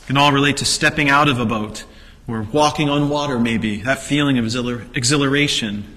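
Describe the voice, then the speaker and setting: A man delivers a sermon in a bright, forceful voice. He retells the story vividly, asking rhetorical questions and acting out the quotes. His voice rings with a long reverb, as in a large hall. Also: mid-range voice, brisk. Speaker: preacher.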